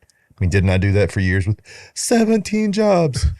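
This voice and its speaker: A man's voice: on the low side, huge pitch swings, moderate pace, a little mellow, no echo, studio quality. A man co-hosting a casual chat podcast, bantering playfully. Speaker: podcast co-host.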